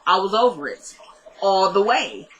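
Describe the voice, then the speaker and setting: A woman's voice: medium pitch, very animated, unhurried, a bit bright, rough recording. Chatty woman recapping a TV episode. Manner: retells scenes quoting characters with "he's like"; playful asides and mock complaints to the viewer. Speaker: TV episode reviewer. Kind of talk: casual recap vlog.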